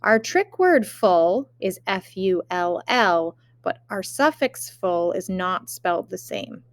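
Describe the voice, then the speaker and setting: Slow, deliberate woman teaching spelling. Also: medium pitch, lively intonation, no echo. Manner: slow, careful dictation with example sentences. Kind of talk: remote spelling lesson.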